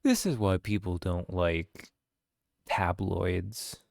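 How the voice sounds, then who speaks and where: Gravelly-voiced male game streamer. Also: deep voice, slow pace, darkish tone, dry recording, studio quality. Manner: chatty, rambling asides. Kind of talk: game commentary on a livestream.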